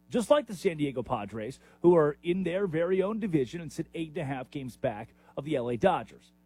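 A man holds forth on a sports radio show with a lively, swooping delivery and a husky edge. The studio sound is dry and close. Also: fairly high pitch, normal speed, dry recording. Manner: animated, opinionated, emphatic with sudden rises. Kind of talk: sports talk radio monologue.

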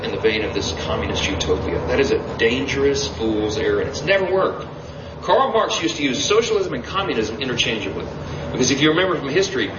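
Male politician from Louisiana at a campaign event, animated and emphatic, heard from afar in an echoey, noisy hall. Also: medium pitch. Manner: emphatic, repeats words, asks the crowd questions. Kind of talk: campaign rally speech. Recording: roomy, distant, dull with loud crowd noise.

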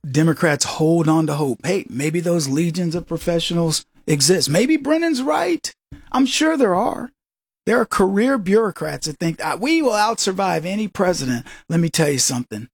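Animated male talk radio host, husky voice. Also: high voice, normal speed, dry recording, clean studio sound. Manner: animated, mocking, acts out quoted voices. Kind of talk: political talk radio monologue.

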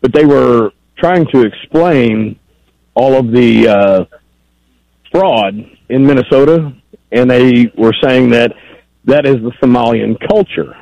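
A man's voice: mid-range voice, takes it slowly, gravelly, warm tone, dry recording. A man calling in to a radio show, rambling and pressing the host on a point. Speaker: caller. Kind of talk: phone-in call. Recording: dull lo-fi phone line.

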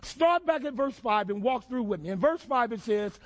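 A male pastor preaching a sermon, quizzing the congregation and building to emphatic shouts. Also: extremely high pitch, lively intonation, moderate pace. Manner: call-and-response questions to the congregation, emphatic shouted build-ups.

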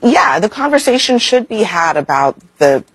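A woman commentator speaking in a measured, earnest way about politics. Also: mid-range voice, sing-song, a bit bright, slightly rough, no room sound, low-quality recording.

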